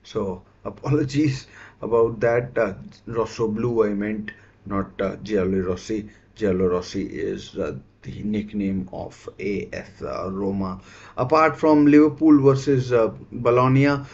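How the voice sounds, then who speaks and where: Halting man hosting a football stream. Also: mid-range voice, steady tone, darkish tone, highs cut off. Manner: halting, many fillers and self-corrections. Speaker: football watchalong host. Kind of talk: casual live-stream commentary.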